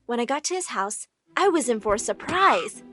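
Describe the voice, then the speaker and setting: A young woman narrating a dramatic first-person animated story, emotive and expressive. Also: fairly high pitch, moderate pace, faint music behind. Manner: emotive, rising and falling with the drama.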